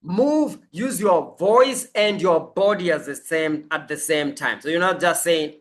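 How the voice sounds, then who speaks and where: Coach, motivational talk: unhurried delivery, bright edge, emphatic repeated affirmations. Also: medium pitch. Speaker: life coach.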